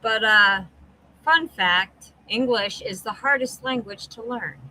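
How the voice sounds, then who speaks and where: A woman's voice: fairly high pitch, steady tone, a little slow, sharp tone, rough recording. A woman hosting a livestream, reacting with exasperated, blunt, profanity-laden commentary. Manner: exasperated, heavy swearing, blunt.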